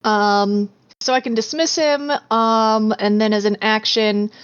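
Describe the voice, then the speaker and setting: A woman's voice: fairly high pitch, steady tone, measured pace, clear, resonant tone, highs cut off. A woman playing a tabletop game, explaining her moves casually with fillers. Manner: casual, giggly, filler-heavy. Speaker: player.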